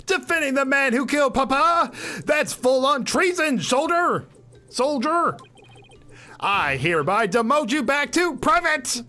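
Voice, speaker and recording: A man's voice: very high voice, animated, a little slow, bright, forceful tone, voice pushed up, exaggerated voice. A man voicing a bossy boy who plays soldier, barking military-style orders in a game read-along. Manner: barking drill-sergeant delivery.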